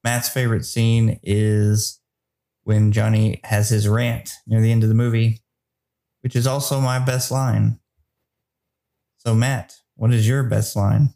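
A man hosting a casual movie review podcast, leading segments in a relaxed, steady way. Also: on the low side, measured pace, gravelly. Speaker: podcast host.

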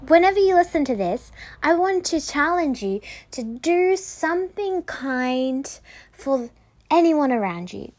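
A woman's voice: sits high, big pitch swings, unhurried, a little mellow. A woman hosting a casual solo podcast, telling a story in a chatty, enthusiastic way. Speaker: podcast host.

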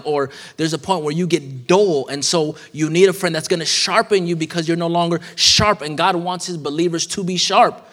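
Recorded with church hall reverb in a sanctuary, this man in his thirties preaches as a guest in a relaxed, chatty style full of slang and asides. His voice is a little high and a bit bright.

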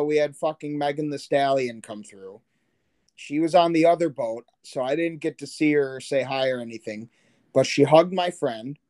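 A man's voice: fairly high pitch, warm tone, no room sound. A man co-hosting a podcast, rambling loosely about his week with casual swearing and self-corrections. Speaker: podcast co-host. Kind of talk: casual chat.

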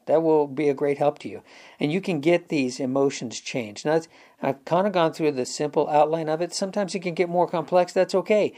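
A man's voice: a little high, a little fast, mellow. Earnest man sharing a personal lesson. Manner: earnest, conversational, retells dialogue with restarts. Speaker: self-help video host. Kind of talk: personal story and advice to viewers.

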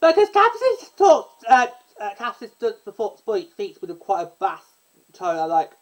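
A woman talks in a loose, chatty way, circling back and correcting herself mid-sentence. Her voice sits at an ordinary middle pitch for a woman. She often jumps up in pitch and gets louder when she gets excited. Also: normal speed, poor audio. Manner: rambling, self-interrupting, breaks into sung snippets. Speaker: podcast host. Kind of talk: casual chat about a musical.

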